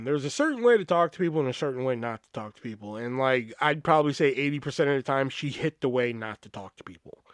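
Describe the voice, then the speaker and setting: A man in casual storytelling mode, swearing freely and jumping into voices for the people in his stories. His voice sits a little high for a man and sounds close and dry, with no room around it. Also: clear, resonant tone, no echo. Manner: profane, animated, acts out quoted voices. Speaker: podcast host.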